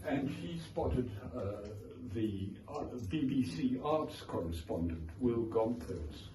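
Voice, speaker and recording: A man's voice: mid-range voice, animated, slow. A man with a South African accent, an author telling amused, rambling anecdotes at his book launch. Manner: rambling, self-amused storytelling with frequent digressions. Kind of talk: casual anecdotal speech. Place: indoor event room with guests. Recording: echoey room, distant mic, noisy.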